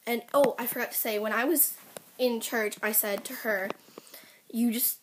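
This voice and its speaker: Upset teen girl ranting, fairly high voice. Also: moderate pace, a little hiss or hum. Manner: upset, rambling, many fillers. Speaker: vlogger. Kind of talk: personal rant to camera.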